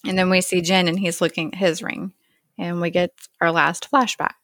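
A woman's voice: lowish voice, flat delivery, normal speed, a bit bright, no echo. A woman co-hosting a casual chat, retelling a TV episode scene by scene and quoting the characters in her own voice. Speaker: podcast co-host.

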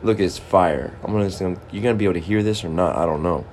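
A man's voice: low voice, quick pace, a little mellow. A man hosting his own podcast, rambling in a goofy, self-mocking solo monologue over a noisy background. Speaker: podcast host.

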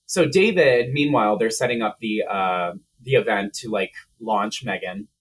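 Brief: male podcast co-host, husky tone, casual profane plot recap. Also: fairly low pitch, normal speed. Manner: profane, chatty, lots of "like".

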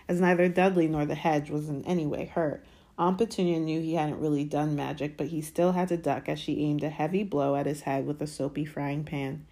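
Woman, low voice, calm steady audiobook reader. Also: vocal fry. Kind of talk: reading a novel chapter aloud.

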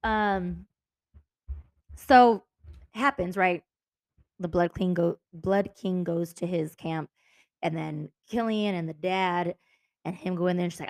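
Woman, podcast co-host, lower voice, dry close sound, animated retelling. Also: measured pace, long pauses, no room sound. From Texas. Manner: animated, laughing, acts out book characters. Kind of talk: casual book chat.

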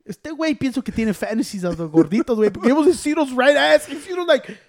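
A Mexican-American man co-hosting a podcast chat, teasing and crude, laughing loudly and mixing Spanish slang into his English. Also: extremely high pitch, animated, fast. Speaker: podcast co-host. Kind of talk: casual chat.

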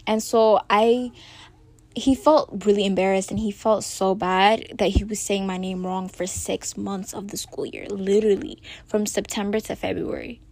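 Teen girl just rambling about her day at school, lots of likes, normal pitch. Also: steady tone, normal speed, darkish tone. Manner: chatty, rambling, heavy use of "like" and "literally". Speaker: vlogger. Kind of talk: casual storytelling to camera.

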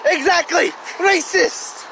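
A man's voice: extremely high pitch, fairly even intonation, takes it slowly, creaky, bright, forceful tone, slight background noise, rough recording. A man throwing brash insults and goofy comebacks in crude joking banter.

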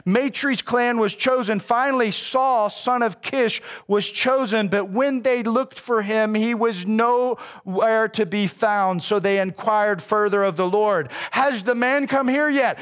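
A man preaching a sermon as a pastor, casual and animated, with slang. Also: sits high, a little slow, few pauses, clean tone.

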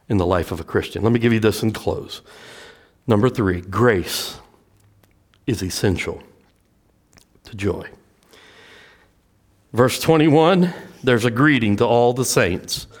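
A middle-aged male pastor preaching a sermon, swinging from loud emphatic lines to hushed storytelling. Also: lowish voice, unhurried, pauses often.

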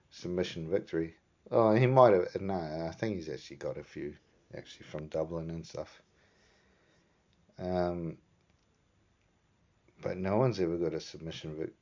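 Deep-voiced, laid-back New Zealand man. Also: dark tone. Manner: rambling, laid-back, swears casually. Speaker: vlog host. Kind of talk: casual rambling chat. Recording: dull lo-fi sound.

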